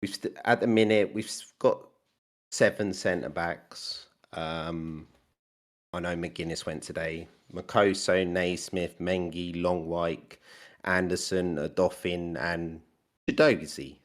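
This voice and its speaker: Low-voiced English football fan caller. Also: male voice, steady tone. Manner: measured, pragmatic, listing players. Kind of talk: casual call-in football chat. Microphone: voice chat.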